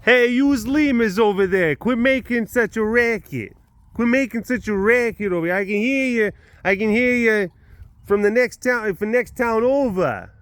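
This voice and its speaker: A man putting on a loud, bossy, streetwise woman from Connecticut who barks orders in broken grammar. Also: fairly high pitch, animated, takes it slowly, gravelly, few pauses, clean tone, no room sound, full character voice. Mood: scolding. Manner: loud, pushy, barking orders with bad grammar.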